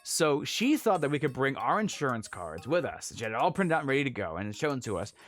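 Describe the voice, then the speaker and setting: A man's voice: mid-range voice, big pitch swings, fast talker, a bit bright, faint music behind. A man casually telling a travel story on a livestream, laughing often and breaking off to answer chat.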